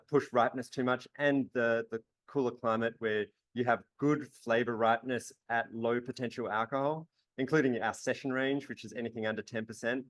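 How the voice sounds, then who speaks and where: A winemaker speaking hesitantly in a talk, with many pauses and restarts. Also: male voice, on the low side, a bit bright, no echo. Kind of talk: presentation to wine writers.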